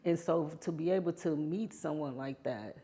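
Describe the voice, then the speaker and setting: A woman with a low voice tells her own story in an interview. She speaks from the heart and keeps adding "you know" as she goes. She gets lively when she recalls past moments. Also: moderate pace. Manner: grows animated when reliving past moments. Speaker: interview guest. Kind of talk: personal testimony interview.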